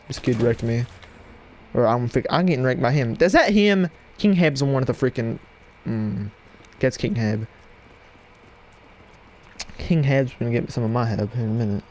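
A man giving live gameplay commentary at his computer desk at home, excitable and yelling at opponents in bursts, on a cheap mic with no windscreen. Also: mid-range voice, normal speed, a little hiss or hum. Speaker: gaming channel host. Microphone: cheap headset mic without windscreen.

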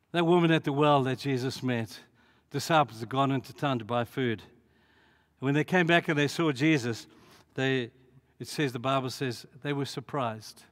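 A man's voice: mid-range voice, measured pace. A man preaching a sermon as pastor, telling the story dramatically and acting out the voices in it. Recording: long hall reverb.

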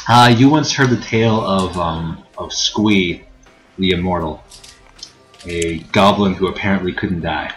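A man narrating as game master, thinking aloud with many fillers and pauses. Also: deep voice, fairly bright tone, soft background music.

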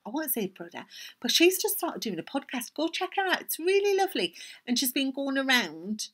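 An older woman with a Geordie accent, hosting a knitting podcast in a chatty, rambling way, often dropping into soft asides. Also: sits high, very animated, fairly quick. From North East England. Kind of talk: casual chat.

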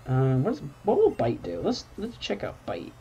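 Excitable young man narrating gameplay. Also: high voice, normal speed, creaky, soft background music. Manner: excitable, talks back at the game, bursts into exclamations. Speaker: gaming channel host. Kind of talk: casual let's-play commentary. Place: home room at night.

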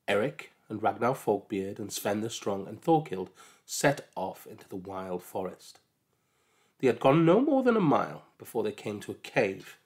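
A man calmly narrating a storybook aloud, with measured delivery. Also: on the low side.

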